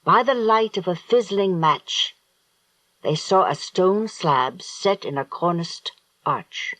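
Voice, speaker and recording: A man narrating an audiobook in a slow, deliberate storytelling manner. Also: sits high, animated, sharp tone, no room sound, poor audio. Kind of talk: scripted narration.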